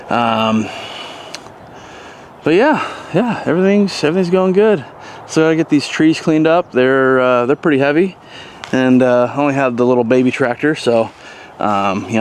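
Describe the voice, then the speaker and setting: Guy chatting on a homestead walk, laid back lots of ums, normal pitch, faint outdoor noise. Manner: relaxed, rambling, many fillers. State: has the hiccups. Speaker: homesteader vlogger. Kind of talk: casual walking tour commentary.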